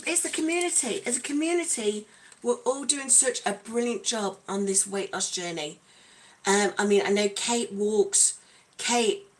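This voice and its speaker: A woman hosting a casual livestream, chatty and bubbly, calling out her viewers by name. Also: medium pitch. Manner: playful, breaks into song. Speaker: livestream host.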